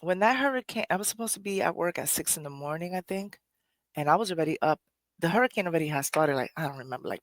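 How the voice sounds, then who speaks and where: A deep-voiced woman from Puerto Rico with a New York Puerto Rican accent hosts a poetry podcast, telling a personal story emphatically and repeating phrases. No room sound is present.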